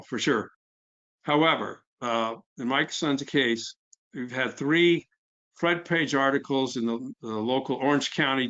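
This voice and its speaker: A man's voice: medium pitch, a bit bright, dull audio. A middle-aged man gives a casual presentation about his nonprofit, talking freely with fillers and restarts. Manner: conversational, fillers, quotes others. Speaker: nonprofit founder. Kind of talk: webinar presentation.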